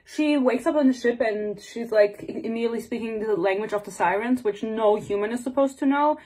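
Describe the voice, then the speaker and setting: A woman giving a casual, sarcastic book review rant, swearing freely and acting out the characters' lines in quick bits. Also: fairly high pitch, darkish tone.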